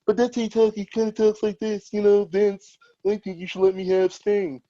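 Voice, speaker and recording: Sly wrestling boss pitching for himself, man doing an impression, a bit higher and softer, muffled lo-fi sound. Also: level tone, normal speed, no room sound, close to an everyday voice. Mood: scheming.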